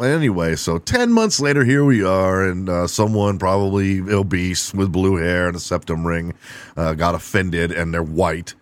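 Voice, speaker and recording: A man's voice: low-pitched, moderate pace, no room sound. A man hosting his own podcast, delivering an irreverent, profane comedic monologue and laughing at his own jokes. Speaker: podcast host.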